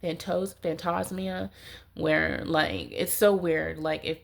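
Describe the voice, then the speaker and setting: A woman's voice: deep voice, steady tone, takes it slowly, creaky. Nasal, congested woman reading tarot. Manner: rambling, heavy use of "like". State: stuffy nose, congested. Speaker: tarot reader.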